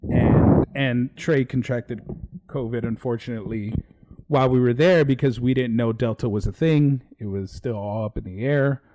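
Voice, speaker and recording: Laid-back Texan man, mellow voice. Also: mid-range voice, moderate pace, slight background noise. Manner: laid-back, rambling, swears casually. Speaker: podcast co-host. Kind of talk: casual live-stream chat.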